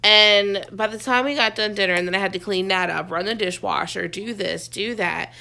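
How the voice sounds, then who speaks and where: A woman's voice: medium pitch, normal speed, creaky, bright, forceful tone. A woman in her thirties chatting casually and venting, recorded at home in a dim room. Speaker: vlogger. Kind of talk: casual chat.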